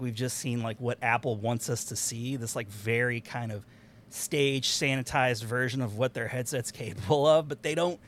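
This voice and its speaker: A man hosting a podcast, talking in an animated, rambling casual way and laughing often. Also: medium pitch. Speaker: podcast host. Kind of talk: excited casual chat.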